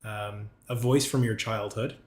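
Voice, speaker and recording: A man's voice: fairly low pitch, fairly even intonation, measured pace, a little mellow, echoey room. Hesitant man running a tabletop game. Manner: hesitant, lots of ums and restarts while describing scenes. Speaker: dungeon master.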